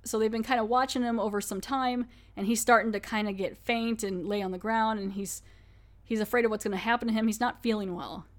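A woman's voice: fairly high pitch, fairly even intonation, a little fast. Chatty woman recapping a TV episode. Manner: chatty, filler-heavy, acts out quotes. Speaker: podcast host reviewing a TV episode. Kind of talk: casual recap and review.

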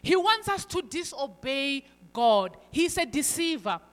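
A woman preaching a sermon, emphatic, moving between loud stressed lines and quiet asides. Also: high voice, sing-song, measured pace, soft background music. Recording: long hall reverb.

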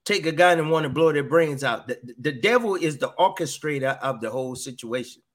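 Talking a little fast with lively intonation, a middle-aged man in a fairly high voice offers earnest personal testimony on a podcast. He tends to repeat himself and brings in other people's voices as dialogue.

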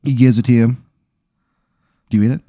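A man telling an improvised comic story in a rambling, deadpan way, full of fillers. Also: mid-range voice, brisk, dry recording, clean studio sound.

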